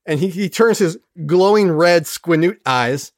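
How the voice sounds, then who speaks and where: Animated, sarcastic podcast recapper. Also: mid-range voice, measured pace, no echo, clean studio sound. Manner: animated, sarcastic, swears, mimics characters. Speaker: podcast host summarizing an episode. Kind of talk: casual comedic recap.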